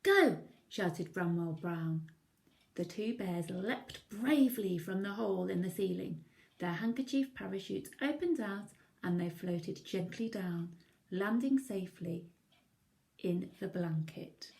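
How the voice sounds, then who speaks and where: A woman teacher reading a picture book aloud to young children, gently pointing out the pictures. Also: on the low side, measured pace, vocal fry. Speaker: primary school teacher.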